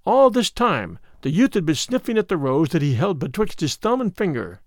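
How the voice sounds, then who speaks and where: A man's voice: high-pitched, very animated, normal speed, a little mellow, no room sound, clean studio sound. Man reading an old tale aloud. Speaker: narrator. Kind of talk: audiobook narration.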